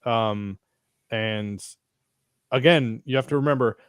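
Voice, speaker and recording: A man's voice: mid-range voice, takes it slowly, clear, resonant tone, no echo. A man in casual chat, rambling with restarts and casual swearing. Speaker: podcast co-host. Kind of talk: casual chat about a TV episode.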